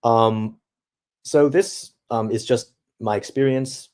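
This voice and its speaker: A man's voice: medium pitch, fairly even intonation, slow, darkish tone. A young man streaming live, talking casually and reading out chat in a laid-back, slangy way full of dude and bro.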